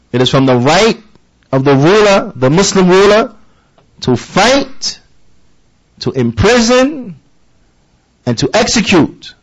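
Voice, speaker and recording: A man's voice: fairly high pitch, poor audio. A man giving a sermon-style lesson, emphatic and repetitive, often checking in with his listeners with rhetorical questions. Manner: emphatic, repeats key phrases, asks listeners rhetorical questions. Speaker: religious teacher.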